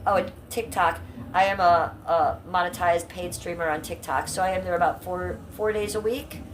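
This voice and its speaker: A woman's voice: lowish voice, fairly even intonation, moderate pace, a little hiss or hum. A woman from Ohio streaming live from home, chatting with her viewers in a blunt, brash, profane way. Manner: chatty, talks straight to chat. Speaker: livestreamer. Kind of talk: casual livestream chat with viewers.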